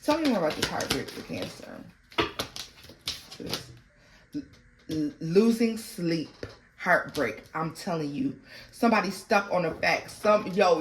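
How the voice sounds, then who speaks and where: A woman giving a casual tarot reading to her viewers, animated and slangy. She breaks into bits of song and laughs often. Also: mid-range voice, slight background noise. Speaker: tarot reader.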